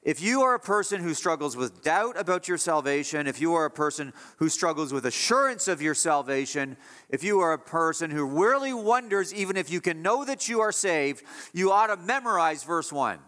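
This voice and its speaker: A man preaching a sermon as pastor, emphatic, moving between hushed passages and raised declarations. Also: on the high side, lively intonation, normal speed. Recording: long hall reverb.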